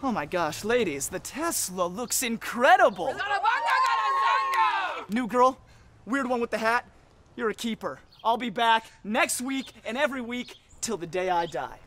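Brief: actor as a gushing, smug car guy, pitched very high. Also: lively intonation, a little slow, a little hiss or hum, exaggerated voice. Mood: thrilled. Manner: loud, gushing. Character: overexcited, smug male Tesla driver.

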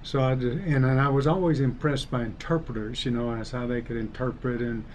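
An older man from Alabama, an engineering professor, speaking in a relaxed, thoughtful way with a softened Southern US accent in a casual interview. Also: medium pitch, a little fast, slight background noise. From Alabama, United States.

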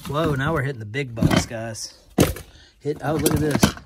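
A man chatting casually as he digs through boxes of finds, rambling and easily excited, recorded on a phone. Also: mid-range voice, normal speed. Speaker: vlogger digging through resale finds. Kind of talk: casual running commentary. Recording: phone recording with loud clicking and handling noise.

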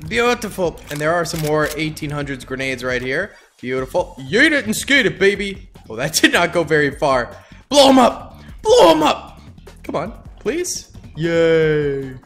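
A man's voice: high-pitched, creaky, fairly bright tone. A young man hosting a gaming channel, giving goofy, hyped gameplay commentary full of yelps.

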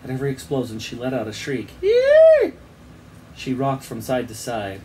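A man with a mid-range, somewhat dark voice speaks in a steady tone at a slightly quick pace over light background noise. He is a teacher who reads a children's book aloud with lots of expression, performs the sound effects, and then hands his class an assignment.

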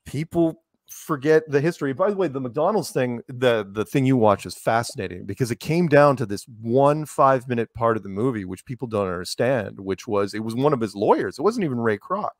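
Man, middle-aged, soothing low voice, rambling storyteller, dry close sound. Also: a little fast, hardly any pauses, no room sound. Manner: rambling storyteller, animated quoting. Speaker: show host. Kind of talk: casual interview chat.

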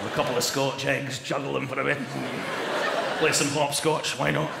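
A man performing a stand-up comedy routine on a theatre stage, animated and shouting punchlines, sometimes slipping into put-on voices. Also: medium pitch, normal speed, creaky, heavy background noise. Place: large theatre with live audience. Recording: echoey hall with loud crowd.

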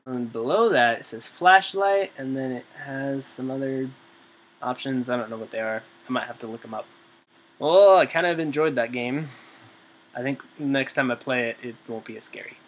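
Husky-voiced nervous young gamer guy. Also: mid-range voice, normal speed. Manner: jumpy, nervous, talks to himself. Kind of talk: let's play commentary.

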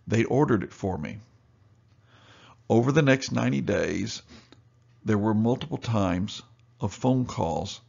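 A man's voice: fairly low pitch, a little slow, creaky, pauses often, darkish tone, breathy edge, muffled recording. A male store owner giving a seminar talk, telling customer anecdotes and acting out both sides of the conversations. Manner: storytelling, acts out both sides of dialogue.

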